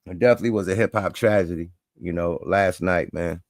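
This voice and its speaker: A man's voice: low voice, fairly quick, no echo, clean studio sound. A man hosting a livestream, talking in a laid-back, slangy, rambling way. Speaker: livestream host. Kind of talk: casual chat.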